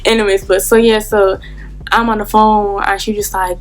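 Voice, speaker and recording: A woman's voice: mid-range voice, flat delivery, normal speed. A young adult woman telling a casual story in a rambling, profane way, full of fillers. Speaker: vlogger.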